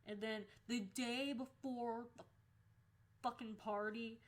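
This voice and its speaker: A woman's voice: on the high side, fairly even intonation, slow. A young woman vlogging, casually telling a story about her school days, swearing freely and laughing as she goes.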